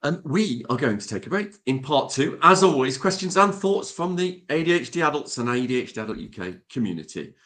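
A man's voice: medium pitch, sing-song, brisk, hardly any pauses, fairly bright tone. A man hosting a casual podcast, playful and self-mocking as he reads listener letters aloud. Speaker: podcast host.

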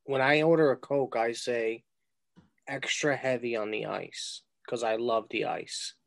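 A man's voice: medium pitch, measured pace, gravelly, no room sound. A man who is a regular on a podcast, talking in laid-back, mumbled short replies over a close mic. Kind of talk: casual chat.

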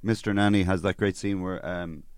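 Low-voiced man hosting a podcast. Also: fairly even intonation, normal speed, smooth, no echo, soft background music. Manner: asks questions, dry quips. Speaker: podcast host. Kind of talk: casual interview chat.

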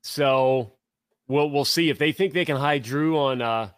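A man's voice: mid-range voice, unhurried, no room sound. Guy rambling thru sports stories, restarts a lot, totally dry mic. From Tennessee and Ohio. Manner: rambling, storytelling, self-interrupting. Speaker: podcast co-host. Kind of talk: casual sports chat.

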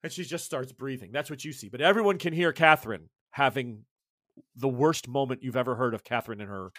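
A man narrating a tabletop horror game as game master, with dramatic, animated delivery. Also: medium pitch, fairly quick, dry recording, studio quality.

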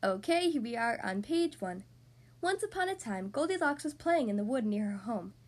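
A woman hosting a podcast, reading a storybook aloud to young children in an expressive, animated way. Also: fairly high pitch, moderate pace.

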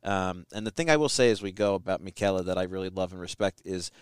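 Male podcast host, low, smooth voice, dry close sound, reflective. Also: fast, no room sound. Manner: thoughtful, reflective, laughs readily. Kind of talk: casual podcast chat.

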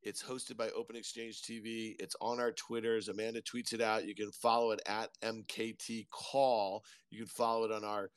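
A man co-hosting a markets podcast, chatting casually in an excitable, rambling way. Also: on the low side, moderate pace, hardly any pauses, smooth, dry recording. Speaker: podcast co-host.

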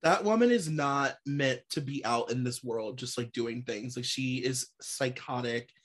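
A woman's voice: rumbling low, a little slow. A woman in casual gossipy chat, emphatic and laughing often.

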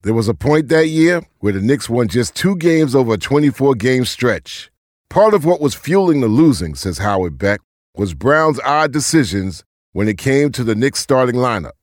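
A man giving scripted documentary narration in a measured, even delivery. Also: mid-range voice, no room sound, clean studio sound. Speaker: podcast narrator.

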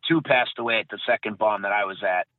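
A bombing survivor appears as a guest in a casual interview, giving a personal account of his experience. He has a lowish voice and talks fast, rambling, correcting himself and repeating phrases. The audio is dry and tinny, like a phone, with no room sound.

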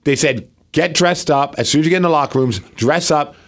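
A man's voice: fairly high pitch, fairly quick. A man co-hosting a podcast, animatedly telling a story in casual chat and acting out the people in it. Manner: animated storytelling with quoted dialogue. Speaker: podcast co-host and local wrestler.

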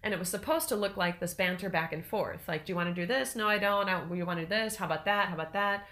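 A woman's voice: medium pitch, quick pace. Reflective middle-aged woman on a podcast. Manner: reflective, animated when quoting herself. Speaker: podcast co-host. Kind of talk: casual podcast conversation.

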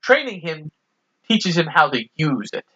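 A man's voice: a little high, sing-song, unhurried, pushed and bright, slightly rough, lo-fi sound. A man co-hosting a casual movie recap, easygoing as he walks through the plot. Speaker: podcast co-host.

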